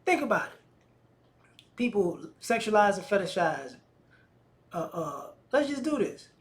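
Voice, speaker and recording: A man speaking gives a loose, slangy opinion monologue in a notably high voice. He talks in a lively, animated way and slips into acted-out voices of the people he describes. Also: a little slow. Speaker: commentator.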